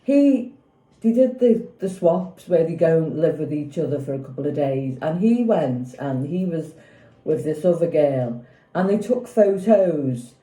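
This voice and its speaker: A woman in her fifties rambles through her opinions in a casual vlog, looping back on herself and seeking agreement. Her voice is deep-toned and very mellow, with no brightness at all. The room around her rings with a noticeable echo. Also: expressive, measured pace. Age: 50s. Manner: rambling, opinionated, keeps asking "do you know what I mean". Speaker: vlogger. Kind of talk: casual opinion chat about a TV show. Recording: echoey room.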